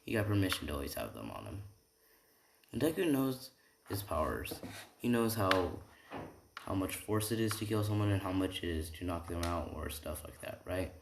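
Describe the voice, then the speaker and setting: Man, casual rambling storyteller, very low voice, echoey room. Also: very animated, normal speed, creaky. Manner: rambling, keeps asking "right?". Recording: roomy room echo, faint noise.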